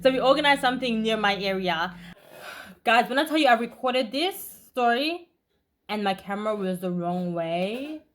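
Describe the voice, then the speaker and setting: A young woman vlogger telling a story in a casual, animated way, talking fast with bursts of emphasis. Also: fairly high pitch.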